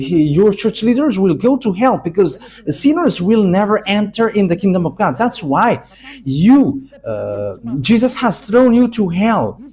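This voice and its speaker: A man from Madagascar, preaching a sermon in emphatic, halting English with frequent pauses. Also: high voice, dark tone.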